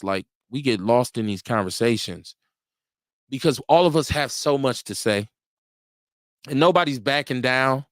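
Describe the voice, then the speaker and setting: With a clear, resonant tone and studio-quality sound free of any room noise, a livestream radio host runs a casual political talk show built around reading chat comments. Animated and profane, he laughs frequently and jumps high in pitch to voice the people he quotes.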